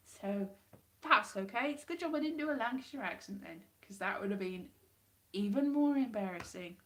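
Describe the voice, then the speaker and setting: A woman hosting a casual livestream from home, rambling, chatty and quick to laugh at herself. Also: fairly high pitch, expressive, a bit bright. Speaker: livestream host.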